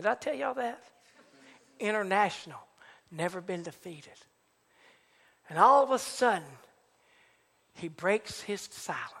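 A man preaching a sermon, building to shouted, chanted repetitions. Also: high voice, animated, unhurried, vocal fry, long pauses, in a large hall. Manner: rising to shouted, chanted preaching with repeated phrases. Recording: live church service with congregation.

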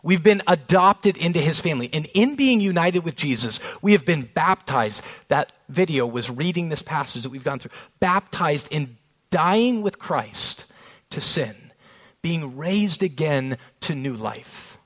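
A man in his thirties preaching a sermon, earnest, slowing down on key phrases and telling family stories along the way. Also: on the high side, lively intonation, fairly bright tone, low-quality recording. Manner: storytelling with family anecdotes. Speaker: pastor.

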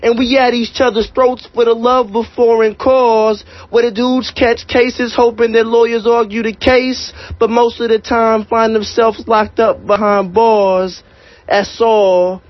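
A young man with a notably high voice delivers spoken word poetry in a rhythmic, rap-like cadence. The sound is dry, close and dulled, as on a muffled radio broadcast. He rides the beat of each line. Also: dry recording.

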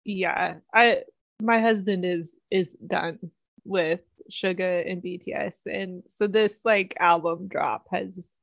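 A woman's voice: fairly low pitch, steady tone, slow pace, creaky, fairly bright tone, no echo. A woman in casual fan chat, enthusiastic and laughing through her stories. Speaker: podcast co-host. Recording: dull dry lo-fi sound.

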